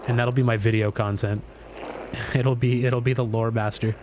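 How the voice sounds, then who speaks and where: A man livestreams while gaming, chatting casually, bragging and getting excitable, swearing freely. His voice is medium in pitch at a normal speed, with a noisy background.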